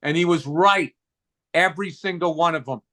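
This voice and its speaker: A man co-hosting a comedy podcast, telling stories in a loud, profane, animated way. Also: fairly high pitch, moderate pace. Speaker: podcast co-host. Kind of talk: casual comedic chat.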